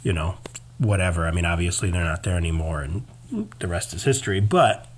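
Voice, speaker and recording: Lower-pitched man chatting casually. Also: a little fast. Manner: rambling, opinionated, frequent fillers. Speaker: podcast co-host. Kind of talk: casual chat.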